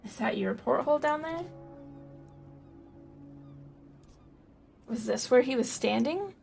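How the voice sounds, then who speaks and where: A woman voicing a cool, scheming woman on a ship, talking in a calm, coaxing way. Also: sits high, fairly quick, creaky, slight background noise, voice pushed up, exaggerated voice.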